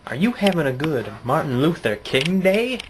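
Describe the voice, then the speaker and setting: A man's voice: fairly high pitch, very animated, moderate pace, noisy background. A man doing an absurd comedy vlog, rambling through shaggy stories that keep interrupting themselves. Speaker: comedy vlogger. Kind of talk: deadpan rambling comedy monologue.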